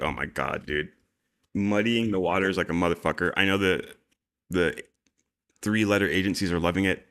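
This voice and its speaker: Deep-voiced casual man. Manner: loose, excitable, swears freely. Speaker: podcast co-host. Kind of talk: casual livestream chat.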